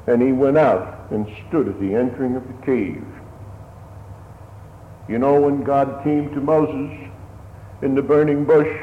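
A man preaching a sermon slowly and solemnly, building to raised emphasis at times. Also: medium pitch, a little hiss or hum. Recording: tinny phone-like sermon recording in an echoey hall.

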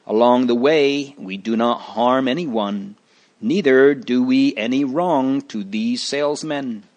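A man voicing two patient male travelers in a storybook, who explain themselves earnestly and gently. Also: mid-range voice, slow pace, close to an everyday voice.

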